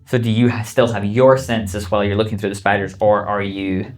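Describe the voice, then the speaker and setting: A man's voice: on the low side, flat delivery, brisk, faint music behind. A man running a tabletop game as game master, talking casually and hesitantly, with frequent ums and laughs. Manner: hesitant, lots of ums and restarts, laughs often.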